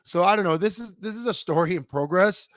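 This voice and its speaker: A middle-aged man co-hosting a podcast, telling a long story in a rambling, animated way with many restarts. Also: sits high, fast talker, dry recording, studio quality. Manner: animated, rambling, self-interrupting. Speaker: podcast co-host. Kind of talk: casual storytelling chat.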